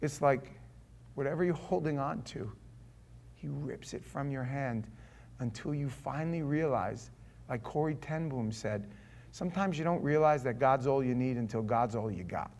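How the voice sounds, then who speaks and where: A man in his forties preaching a sermon, animated, swinging from loud exclamations to hushed asides and acting out quotes. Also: medium pitch, normal speed. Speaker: pastor.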